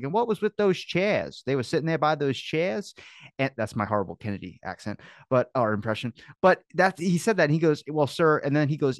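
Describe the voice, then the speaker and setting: A man hosting a podcast interview, who talks in a rambling, animated way and restarts his sentences a lot. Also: fairly low pitch, dry recording, studio quality. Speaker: podcast host. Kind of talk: casual interview chat.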